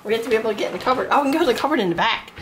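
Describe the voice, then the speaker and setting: A middle-aged woman, a mother chatting at home, asking quick teasing questions. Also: a little high, lively intonation, a little hiss or hum. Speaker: vlogger's mother. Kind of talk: casual family chat.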